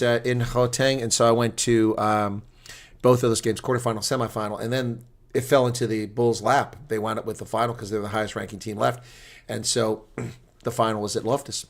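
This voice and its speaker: A man chatting casually on a live stream, rambling between viewer comments and rugby talk. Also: lowish voice.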